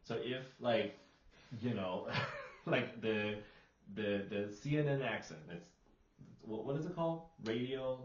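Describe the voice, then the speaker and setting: A man's voice: medium pitch, measured pace. A man co-hosting a podcast, prompting his partner with questions and asking for examples in casual talk. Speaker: podcast co-host. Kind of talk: casual discussion. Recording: roomy, dull, slightly distant.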